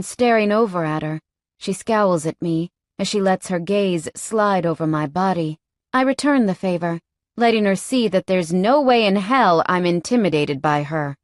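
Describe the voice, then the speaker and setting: A woman's voice: mid-range voice, measured pace, no room sound, clean studio sound. A woman reading a first-person romance novel aloud, with a wry, guarded manner. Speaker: audiobook narrator.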